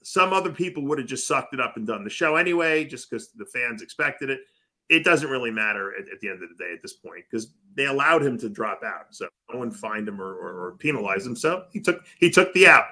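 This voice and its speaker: Emphatic man with a bright voice. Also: mid-range voice, lively intonation, a little fast. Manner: emphatic, repeats words when starting a point. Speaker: co-host of a bodybuilding radio show. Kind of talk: casual podcast discussion.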